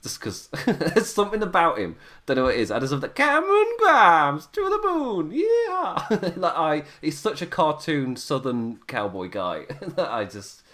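Man, English accent, casual podcast chat, lively swooping pitch, laughs a lot. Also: moderate pace, few pauses. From England. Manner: laughs often, rambling and animated. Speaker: podcast co-host.

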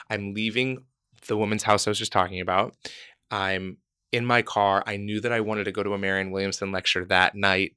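A man's voice: fairly low pitch, clean tone, no echo, studio quality. A man casually telling a long personal story, acting out the voices of people in it. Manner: animated, acts out quoted voices.

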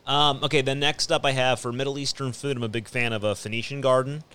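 A man co-hosting a podcast, chatting upbeat about his picks with many pauses and "um"s. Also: mid-range voice, fairly even intonation, sharp tone, clear, resonant tone. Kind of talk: casual chat.

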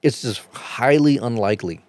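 A man chatting casually on a podcast, telling a rambling, profane story and getting animated as he retells it. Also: mid-range voice, normal speed, dry recording.

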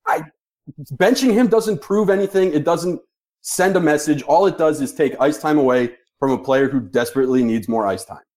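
A man's voice: fairly high pitch, normal speed, a little mellow. A man co-hosting a hockey podcast, blunt and opinionated and swearing freely. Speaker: podcast co-host. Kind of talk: casual podcast chat.

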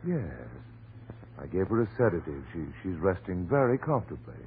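An actor playing a calm doctor and family friend, with soothing, firm 1940s radio acting. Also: male voice, low voice, brisk, a little hiss or hum. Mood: reassuring. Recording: tinny old radio recording.

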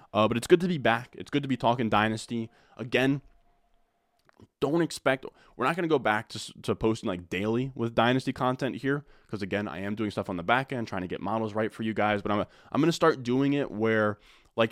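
A man's voice: on the low side, no echo, clean studio sound. A man hosting a fantasy football video, talking casually to viewers with eager, repeated emphasis and a slightly strained voice. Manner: enthusiastic, repetitive emphasis. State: losing his voice, throat clearing. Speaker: fantasy football content creator.

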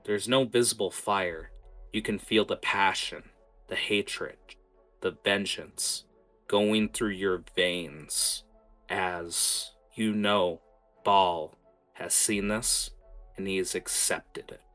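A low-pitched man with a bright, forceful tone runs a tabletop game as game master. His narration is quick and full of fillers. Faint music plays behind him. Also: fairly even intonation.

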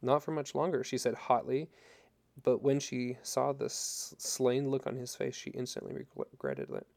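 A male narrator reads a novel aloud, steady and unhurried. His voice is gravelly and warm, with a dark, mellow tone. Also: mid-range voice.

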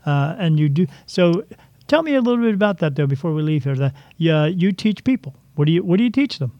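A man's voice: fairly high pitch, big pitch swings, brisk, no room sound. A man hosting a casual talk show, rambling and joking with many restarts, in a dull lo-fi recording. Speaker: podcast host. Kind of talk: casual chat. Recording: dull lo-fi dry sound.

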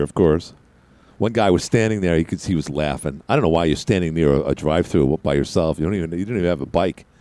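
A man's voice: lowish voice, darkish tone, dry recording. A man hosting a radio talk show, telling a rambling, self-mocking story while a little out of breath. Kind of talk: casual radio monologue.

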